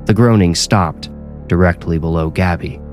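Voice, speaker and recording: Deep-voiced man narrating a horror story. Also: moderate pace, darkish tone, soft background music. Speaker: author and narrator.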